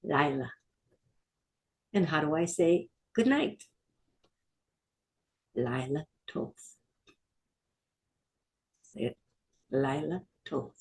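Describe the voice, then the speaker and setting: A woman's voice: low voice, expressive, drawn-out words, vocal fry, pauses often. A middle-aged woman teaching a Hebrew vocabulary lesson, patiently repeating each word and asking listeners to say it with her.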